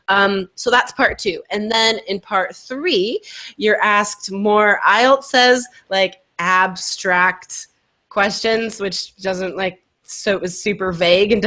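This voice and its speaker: A woman's voice: mid-range voice, a bit bright. Upbeat woman who laughs often. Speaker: IELTS teacher. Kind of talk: webinar talk, casual explaining.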